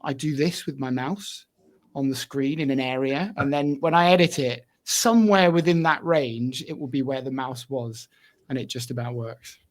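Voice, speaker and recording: A man's voice: mid-range voice, moderate pace. A man co-hosting a podcast, chatting casually and explaining his own video editing habits in a thoughtful way. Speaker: podcast co-host.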